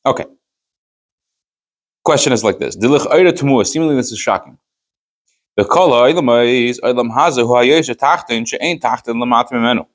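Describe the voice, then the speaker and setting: A man's voice: mid-range voice, moderate pace, pauses often. A man teaching a text-class, with a mid-range voice. He reads lines aloud, translates them, and explains them with pointed rhetorical questions. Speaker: rabbi teaching a Chassidus class. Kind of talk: Torah study class, reading and translating a text.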